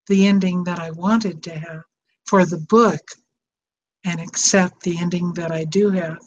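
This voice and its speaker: Brief: older woman host, warm rambling heartfelt chat, lo-fi recording with faint hiss. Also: medium pitch. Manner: emotional, tender, rambling. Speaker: psychotherapist and show host. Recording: dull lo-fi sound with faint noise.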